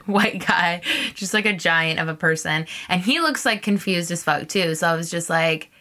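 A young woman hosts her own podcast and tells a story in a loose, unfiltered way. Her voice sits a little low for a woman, and her tone stays candid and animated, with casual swearing throughout. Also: measured pace. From Canada. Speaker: podcast host.

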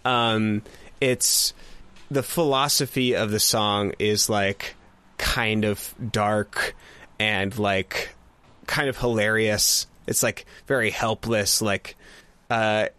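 A man's voice: fairly low pitch, fairly even intonation, slow, bright, forceful tone, smooth. A man co-hosting a casual music review chat, rambling with lots of fillers and frequent laughs. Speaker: podcast co-host.

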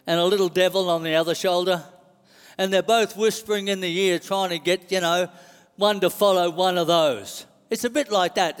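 A man's voice: high-pitched, clean tone, long reverb tail. A man preaching a sermon, telling it like a story and repeating key lines. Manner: animated storytelling, repeats phrases.

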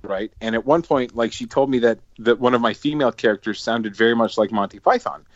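A man co-hosting a casual podcast chat, telling stories in an animated way with frequent laughter. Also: mid-range voice, fairly quick, no echo. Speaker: podcast co-host. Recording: dry, dull lo-fi mic.

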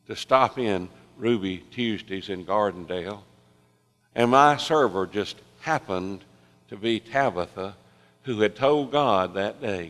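A man preaching a sermon, telling a story with lively swings between loud excitement and soft hushed tones. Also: lowish voice, slow pace. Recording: long reverb of a large hall.

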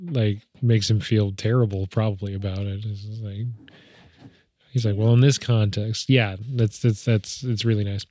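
A man's voice: fairly low pitch, little pitch movement, normal speed, dark tone, no room sound. A man co-hosting a podcast, chatting casually about a movie, rambling and acting out lines with laughs. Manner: rambling, acts out quotes with laughs. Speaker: podcast co-host. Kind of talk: casual film discussion.

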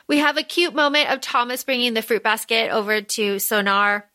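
A woman's voice: a little high, moderate pace, hardly any pauses, sharp tone. A woman co-hosting a podcast in casual book chat, animatedly acting out characters' lines. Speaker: podcast co-host.

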